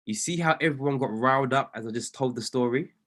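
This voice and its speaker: A man, coaching a group on trading in an animated, preacher-like way with lots of emphasis and repetition. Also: medium pitch, quick pace. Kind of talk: motivational talk to a group.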